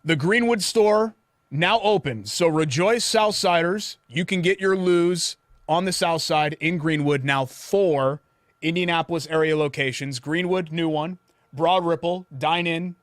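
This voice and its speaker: A man's voice: on the high side, measured pace, dry recording. Chatty man, studio host. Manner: chatty, animated, jokingly indignant. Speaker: sports show co-host. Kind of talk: casual sports talk with a sponsor read. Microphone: studio desk mic.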